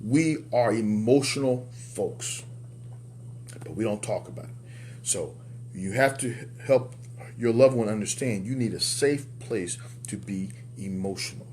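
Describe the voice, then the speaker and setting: A man coaching other men in a motivational talk. He speaks emphatically like a preacher, repeats key words for effect, and jumps up in pitch on his punch lines. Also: measured pace, a little mellow, slight background noise. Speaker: men's life coach and show host.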